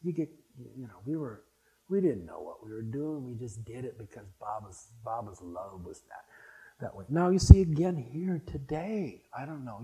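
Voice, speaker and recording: Mellow-voiced older man telling stories. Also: medium pitch, poor audio. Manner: rambling and anecdotal, with many restarts. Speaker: speaker at a spiritual gathering. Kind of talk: reminiscing talk to an audience.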